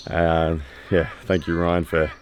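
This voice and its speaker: A man in his thirties talking candidly to camera after a training session, pausing often with fillers. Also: deep voice, completely flat delivery, noisy background. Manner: candid and reflective, with many pauses and fillers. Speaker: strength training vlogger. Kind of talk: casual post-workout vlog talk. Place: training area after a workout.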